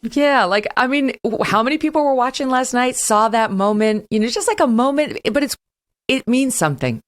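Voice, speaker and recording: A middle-aged woman hosting an interview, chatty and animated, leaning on filler words. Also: fairly high pitch, a little fast. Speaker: host.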